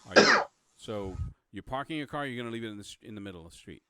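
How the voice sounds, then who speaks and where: A man narrating a tabletop game as game master, halting, with many fillers and restarts. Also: mid-range voice, animated, sharp tone.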